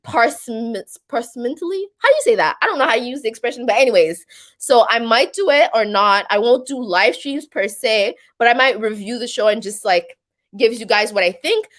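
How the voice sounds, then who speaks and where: A woman's voice: fairly high pitch, animated, moderate pace, fairly bright tone. A woman with a Québécois French accent talks through a casual live stream as its host. She rambles in a chatty way, full of fillers, in a slightly raised voice. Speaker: live stream host reading viewer comments.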